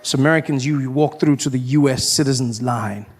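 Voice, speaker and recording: A man performing stand-up comedy, telling stories in an animated way and acting out voices along the way. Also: mid-range voice, a little fast, breathy edge. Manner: animated storytelling, lots of acted-out voices.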